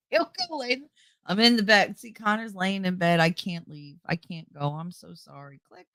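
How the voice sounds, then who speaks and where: A woman's voice: fairly low pitch, moderate pace, fairly bright tone, no room sound. A middle-aged woman hosting her own channel, chatting casually to viewers in a rambling, joking way and laughing often. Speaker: YouTube channel host.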